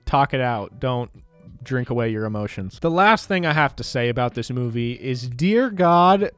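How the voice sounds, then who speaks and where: A man hosting a casual movie review, ranting in an animated, exasperated way and swearing freely. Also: a little high, no echo. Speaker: movie reviewer, channel host.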